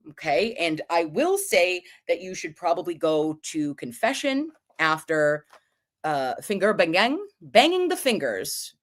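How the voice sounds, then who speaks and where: A woman hosting a livestream, telling stories in a casual, profane, animated way with quick asides. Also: on the low side. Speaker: livestream host. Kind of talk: casual storytelling chat.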